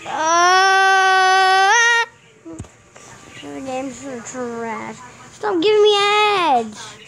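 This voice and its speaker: A woman's voice: high-pitched, big pitch swings, slow, vocal fry, low-quality recording. A woman hosting a gaming channel, giving casual commentary in a jumpy, playfully exasperated way.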